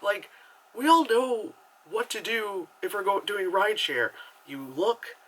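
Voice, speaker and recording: A man chats through a movie review in an animated, rambling way, piling up asides and "you know"s. His voice sits a little high and sounds bright and sharp. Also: unhurried, slight background noise, rough recording. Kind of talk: casual chat.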